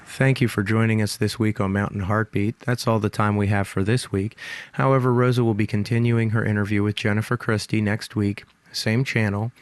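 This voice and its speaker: A man's voice: lowish voice, little pitch movement, brisk, smooth. A man hosting a radio show, reading the sign-off steadily with a few small hesitations, close to a studio mic.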